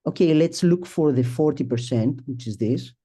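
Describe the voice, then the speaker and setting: A middle-aged man presenting a statistics talk at a symposium, speaking haltingly, restarting sentences and thinking aloud as he works through his slides. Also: on the high side, warm tone, breathy edge. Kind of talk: academic statistics lecture.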